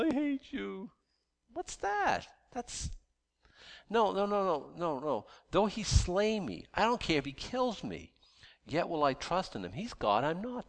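Guy preaching, chatty and stumbly, repeats himself a lot, mid pitch. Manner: conversational preaching with frequent restarts and stammers. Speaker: pastor. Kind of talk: sermon.

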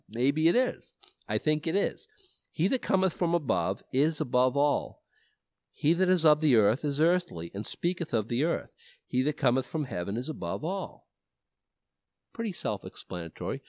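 A man's voice: on the high side, sing-song, normal speed, no room sound. A man leading a Bible study, rambling and self-deprecating, with many restarts. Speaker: pastor.

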